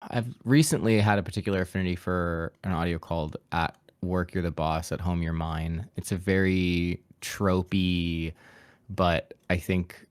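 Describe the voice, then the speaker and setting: A man with a very low voice, talking casually as a podcast guest about his voice acting work. He chats in a relaxed way and laughs often. The sound is dry and close, with no room echo.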